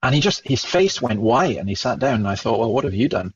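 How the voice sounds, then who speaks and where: A man with a Scottish accent, a guest telling a lively story and acting out the dialogue he remembers. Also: medium pitch, brisk, husky, dull audio. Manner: animated, acts out remembered dialogue. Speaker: Christian speaker and guest. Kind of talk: storytelling in conversation.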